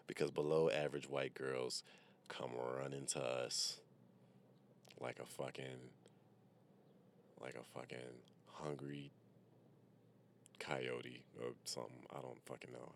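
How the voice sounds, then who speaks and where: A man with an extremely deep, low-pitched voice talks loosely into a microphone from his parked car. He rambles and wisecracks in a casual, profanity-laced monologue, like a comedian riffing on his own podcast. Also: little pitch movement, takes it slowly, gravelly, long pauses, slight background noise.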